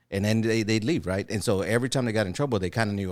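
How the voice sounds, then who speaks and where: Low-voiced guy in his 40s on a podcast, animated storyteller, dry close sound. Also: very fast, hardly any pauses, dry recording. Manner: animated storyteller who acts out quoted voices. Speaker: podcast co-host. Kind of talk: casual chat.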